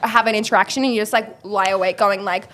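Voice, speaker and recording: A woman, a podcast guest telling stories in a bubbly, quick way with lots of quoted asides. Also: mid-range voice, fairly even intonation, fairly bright tone. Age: 20s. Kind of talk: casual podcast interview.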